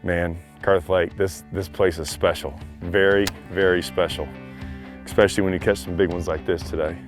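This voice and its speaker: A man, a fishing show anchor, talking excitedly and out of breath on a boat outdoors. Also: sits low, moderate pace, soft background music. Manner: excitable, shouting with joy. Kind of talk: excited on-camera fishing talk.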